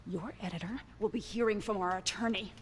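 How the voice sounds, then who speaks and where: A woman's voice: medium pitch, fairly quick, a little hiss or hum, natural voice. A woman playing an indignant auction official. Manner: indignant, threatening.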